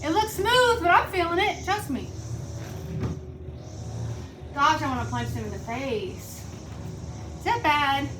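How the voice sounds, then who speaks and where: A high-voiced young woman talks viewers through a hip routine, breathless from the work. She is blunt and chatty and curses offhandedly between reps. A steady background noise runs under her voice. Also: slow, pauses often. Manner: chatty, blunt, swears casually, counts reps aloud. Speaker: fitness instructor. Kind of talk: casual workout instruction. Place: home workout room.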